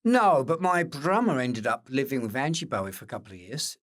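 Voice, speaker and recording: An older man with an Essex accent spins stories in a relaxed interview. His voice sits at an ordinary middle pitch, and he keeps acting out what other people said, with the odd swear word thrown in. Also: fairly quick. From England. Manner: animated anecdotes with acted-out quotes, occasional swearing. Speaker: interview guest. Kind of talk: casual storytelling interview.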